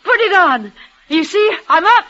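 An actress playing a dying young woman in a vintage radio drama, speaking in a breathless, halting, tremulous way. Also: very high-pitched, expressive, bright, forceful tone, exaggerated voice. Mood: desperate. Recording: dull old radio recording.

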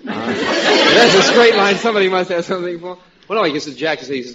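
A man's voice: sits high, animated, brisk, noisy background. A man telling jokes on a radio comedy panel, stammering and repeating "he says" as he acts out the dialogue. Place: radio studio before a live audience. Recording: dull old radio broadcast with studio audience.

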